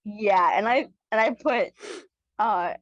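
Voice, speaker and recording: A young woman co-hosting a casual podcast, an excitable, giggly fan gushing about a show. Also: mid-range voice, takes it slowly. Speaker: podcast co-host. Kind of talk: casual recap chat. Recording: dull lo-fi mic.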